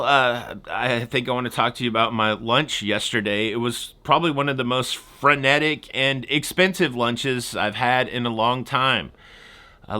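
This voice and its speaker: A man's voice: mid-range voice, bright, forceful tone. A man, a travel vlogger from the United States, just up in the middle of the night, talking in a chatty, rambling way and laughing often. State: just woken up. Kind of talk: casual travel vlog.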